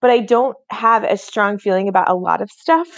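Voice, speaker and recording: A woman's voice: medium pitch, moderate pace, no echo. A woman in her thirties co-hosting a podcast, chatting casually and filling her talk with "like". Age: 30s. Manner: chatty, lots of "like" fillers. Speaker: podcast co-host. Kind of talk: casual chat.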